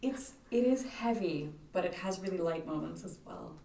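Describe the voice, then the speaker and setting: A woman's voice: fairly low pitch, animated, normal speed, creaky, warm tone. A woman co-hosting a podcast, chatting casually about a book and retelling scenes. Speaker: podcast co-host. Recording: echoey room, distant mic, faint noise.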